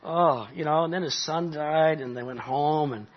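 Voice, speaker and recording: A man's voice: on the high side, moderate pace, dull audio. A middle-aged man from Canada preaching a sermon, talking conversationally with asides and rising animation. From Nova Scotia, Canada. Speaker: pastor.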